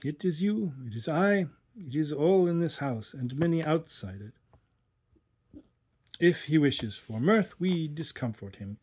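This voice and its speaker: A man reading aloud and voicing a young Italian fisher lad who speaks gravely and haltingly. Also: on the high side, expressive, darkish tone.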